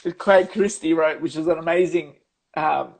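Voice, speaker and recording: A high-pitched man with a husky edge hosts a relaxed video-call interview. He mostly keeps things going with quick, encouraging interjections. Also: rough recording. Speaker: host.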